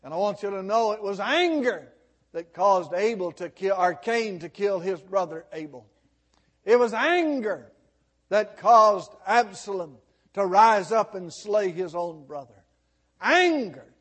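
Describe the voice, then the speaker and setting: Slow, high-voiced preaching pastor. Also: male voice, expressive. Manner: slow, dramatic preaching that swells and drops to near quiet. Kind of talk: sermon.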